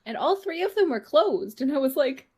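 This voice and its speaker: A woman co-hosting a podcast in casual chat, telling stories with animated quotes. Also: high-pitched, normal speed. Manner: animated storytelling, acts out her own quotes. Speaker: podcast co-host.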